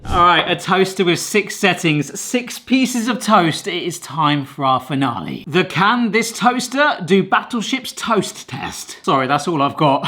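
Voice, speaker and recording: A middle-aged man, talking casually and self-mockingly while testing a toaster in his vlog. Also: sits high. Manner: chatty and self-mocking, with excited outbursts. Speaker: video host reviewing a toaster.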